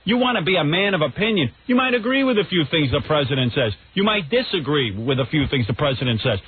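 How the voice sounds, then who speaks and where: A man's voice: fairly high pitch, very animated, fast talker, a little hiss or hum. A man hosting a radio show, ranting in a brash, combative way. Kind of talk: radio rant. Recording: tinny phone-like radio recording.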